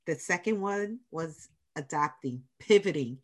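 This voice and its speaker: A woman's voice: low voice, animated, unhurried. A middle-aged woman with a New York accent, hosting a casual podcast interview and stressing her points with repetition and encouragement. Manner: emphatic, repeats key points, encouraging. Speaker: podcast host, small business center director.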